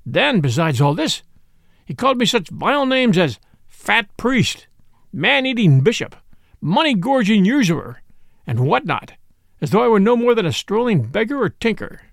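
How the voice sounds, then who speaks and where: A man's voice: high-pitched, very animated, normal speed, gravelly, no room sound, studio quality, heavily acted. A man voicing a pompous, indignant bishop who blusters about his outrage.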